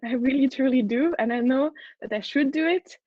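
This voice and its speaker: A woman's voice: sits high, brisk, dry recording. French-accented woman giving a talk. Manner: enthusiastic, earnest, with frequent restarts. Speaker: head of product, conference speaker. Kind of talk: conference talk. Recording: dull, dry lo-fi recording.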